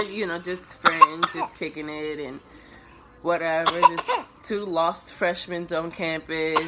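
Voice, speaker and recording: A woman's voice: low-pitched, background noise. A woman in her early twenties telling viewers a personal story in a casual, rambling way, full of filler words and restarts. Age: early 20s. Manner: relaxed, confiding tone addressed to viewers.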